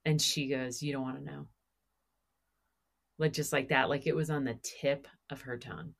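A woman's voice: very deep voice, moderate pace. A middle-aged woman hosting a casual conversation, telling stories and acting out what people said. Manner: animated storyteller, acts out quoted dialogue. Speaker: podcast host asking questions.

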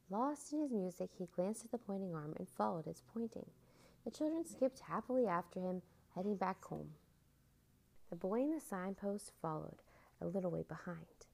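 A woman reading a children's storybook aloud with expressive, animated delivery. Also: medium pitch, vocal fry, poor audio.

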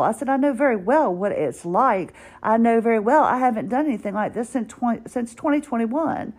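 A woman's voice: on the high side, lively intonation, moderate pace, a little mellow. A woman hosting a podcast, chatting casually and wryly about her day and retelling conversations line by line. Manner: chatty, wry, retells dialogue with "I said". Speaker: podcast host. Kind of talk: casual personal storytelling. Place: at home, doing exercises while talking.

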